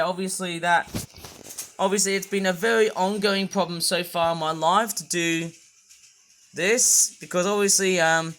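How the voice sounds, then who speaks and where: A man's voice: high voice, bright, forceful tone. A man reviewing toys in a casual, rambling vlog, circling back on filler words and drifting into a grumbling rant. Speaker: toy reviewer.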